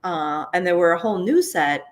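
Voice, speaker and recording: Earnest lower-voiced woman mentor. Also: expressive, normal speed. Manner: earnest, emphatic, frequent "right?" asides. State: holding back tears. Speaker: former school advocate and mentor. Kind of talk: heartfelt conversational reminiscence.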